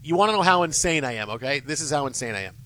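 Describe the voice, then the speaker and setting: A man hosting a sports radio show, telling stories in a rambling, animated way with many restarts. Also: on the high side, rapid-fire. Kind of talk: casual sports radio chat. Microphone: studio microphone.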